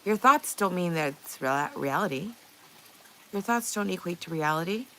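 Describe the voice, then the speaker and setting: A woman's voice: lowish voice, lively intonation, normal speed, a bit bright, a little hiss or hum, rough recording. A woman livestreamer chatting casually with her viewers, reading their messages aloud, playful and often laughing.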